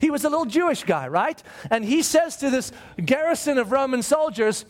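Male preacher, high voice, animated storytelling, sermon. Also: normal speed. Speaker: pastor.

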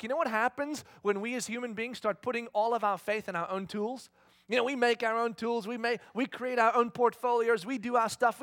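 A male pastor preaching with a high, widely swooping voice. He tells the story energetically and keeps asking the congregation questions. The sound is dry and close, with no echo. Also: a bit bright. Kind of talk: sermon.

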